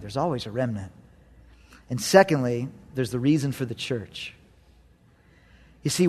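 A man's voice: a little high, a little mellow. A man preaching a sermon as a youth pastor, telling stories animatedly and acting out quotes.

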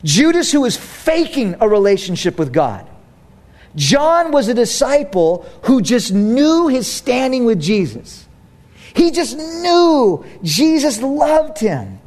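A man's voice: very high-pitched, slow. A male pastor in his thirties preaching a sermon in a church, telling stories with humor and speaking straight to his congregation. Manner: animated, humorous storytelling, direct to congregation.

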